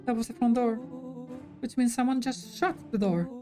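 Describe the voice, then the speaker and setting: Lady voicing skittish little kids in a game, kinda high, music under it. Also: normal speed, mellow, lightly acted. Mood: frightened. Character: excitable young kids on a nighttime adventure.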